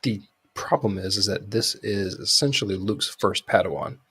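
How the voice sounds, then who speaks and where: A man's voice: lowish voice, normal speed, a bit bright, breathy edge. A man co-hosting a podcast, talking in a rambling way with many fillers and restarts. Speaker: podcast co-host. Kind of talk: casual chat.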